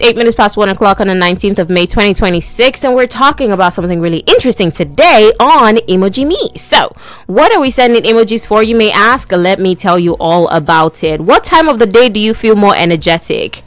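A woman's voice: mid-range voice, lively intonation, brisk, dry recording. Young woman on the radio, chatty playful host, dry close mic. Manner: chatty, playful, talks straight to listeners. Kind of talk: casual radio chat.

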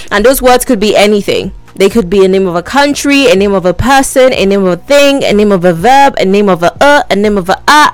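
A young woman hosting a call-in radio show, talking in a brash, teasing, energetic way. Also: on the high side, dry recording. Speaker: radio host. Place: radio studio. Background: faint music.

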